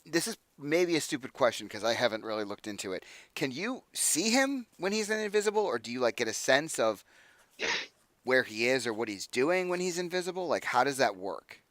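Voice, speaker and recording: A man running a tabletop game, talking in a loose, rambling way full of fillers. He has a medium pitch and a dry, close sound. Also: brisk, no echo. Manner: relaxed, rambling, many "like"s. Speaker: game master.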